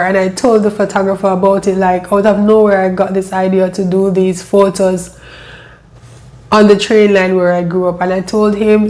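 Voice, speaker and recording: A woman with a lilt and a medium-pitched voice shares the story of her own life. Her tone holds level and seldom moves up or down, while her speech is emotional and halting, repeatedly doubling back over the same words.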